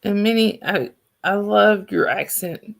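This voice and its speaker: A woman's voice: mid-range voice, measured pace, gravelly. A woman with a Southern accent hosting a livestream, chatting casually and rambling with her viewers. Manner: rambling, chatty, restarts sentences. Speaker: livestream host.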